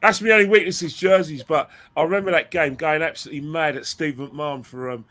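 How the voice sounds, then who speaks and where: A man chatting excitedly about football, stumbling over his words as he tells stories. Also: on the high side, fast talker. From England. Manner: animated storyteller, stumbles and repeats words. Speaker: football fan panelist. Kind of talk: casual chat.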